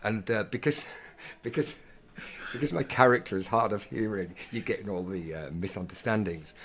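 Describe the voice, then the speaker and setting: A man's voice: lowish voice, normal speed, a little hiss or hum. A male actor telling stories in a casual interview, acting out the dialogue as he goes. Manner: animated storyteller acting out dialogue. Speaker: actor, podcast guest.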